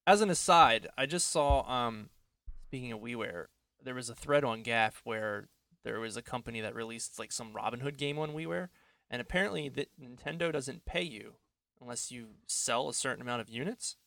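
A man co-hosting a casual podcast chat from home, rambling, self-deprecating, and quick to laugh. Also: mid-range voice, vocal fry, bright, forceful tone, dry recording. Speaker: podcast co-host.

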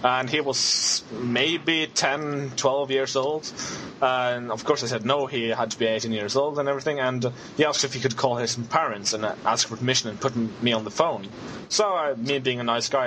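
A man's voice: mid-range voice, moderate pace, fairly bright tone, a little hiss or hum, low-quality recording. A man on a casual podcast telling a work story, hesitating often with fillers. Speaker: podcast co-host, game store worker.

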